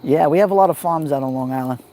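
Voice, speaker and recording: A man with a New York accent hosting a relaxed livestream from a backyard fire pit at night, greeting viewers by name on a phone. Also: on the high side, fast, a little hiss or hum. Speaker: livestream host. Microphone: phone held near the fire.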